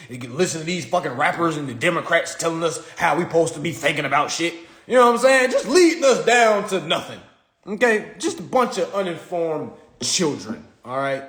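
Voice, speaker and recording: Young man, animated livestream host, cursing and laughing, slightly high voice, roomy room sound. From South Carolina, USA. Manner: animated, profane, laughing often. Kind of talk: casual livestream monologue. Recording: roomy echo.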